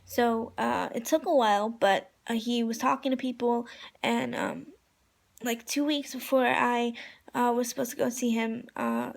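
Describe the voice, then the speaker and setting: Young woman, vlogger, gushing and excitable, slightly high voice, gravelly vocal fry. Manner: excitable, gushing, filler-heavy. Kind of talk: casual storytime vlog.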